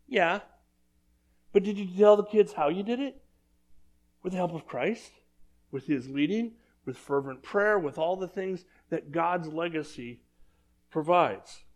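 A man preaching a sermon in a church, talking conversationally and asking the congregation questions. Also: sits high. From Southern California. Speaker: pastor.

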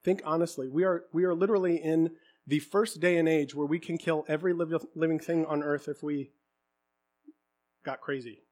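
A man preaching a sermon to his congregation, swinging from quiet, candid talk to impassioned shouting. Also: a little high, steady tone, normal speed. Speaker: pastor.

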